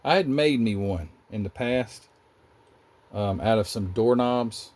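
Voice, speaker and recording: In his hobby workshop, a man with a Southern US accent hosts a casual, rambling chat about building model cars, chatty and often interrupting himself. His voice is lowish and darkish in tone, slow yet animated.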